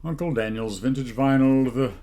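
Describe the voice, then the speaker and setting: A man's voice: mid-range voice, normal speed, warm tone. A man hosting a comedy channel, talking down to his viewers in a haughty, put-on posh voice as a mock-pompous monologue.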